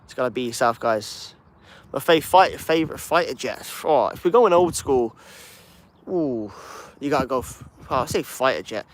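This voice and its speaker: A man's voice: mid-range voice, expressive, normal speed, slight background noise. A man from England with a Birmingham accent, hosting a plane-spotting livestream and chatting casually with his viewers. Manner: chatty and easygoing, reading and answering chat.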